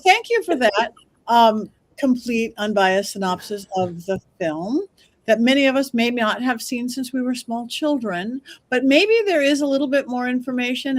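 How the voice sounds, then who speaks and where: Wry woman with a high voice. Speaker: podcast co-host. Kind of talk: panel discussion.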